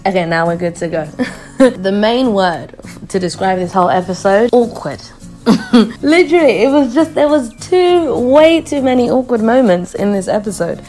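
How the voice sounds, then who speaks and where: A woman casually recapping a TV episode, chatty and quick to laugh, mimicking the people she quotes. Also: fairly high pitch, animated, darkish tone, soft background music. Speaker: vlogger reviewing a TV show.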